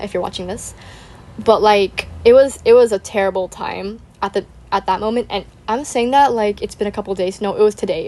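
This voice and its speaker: A woman's voice: medium pitch, darkish tone. A young woman hosting a gaming channel, rambling in casual chat, saying "like" constantly, giggling and apologizing.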